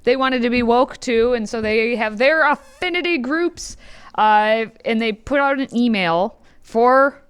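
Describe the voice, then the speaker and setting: A woman co-hosting a casual opinion talk show with quick, wry comebacks. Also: high voice, smooth. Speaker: co-host.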